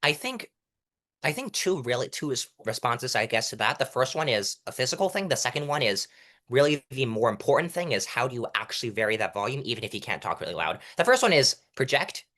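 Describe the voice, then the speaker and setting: Lively young man coaching courtroom delivery. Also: medium pitch, a little fast. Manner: animated, demonstrates delivery by reciting lines at different volumes. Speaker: interview guest, mock trial competitor. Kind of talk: casual coaching interview.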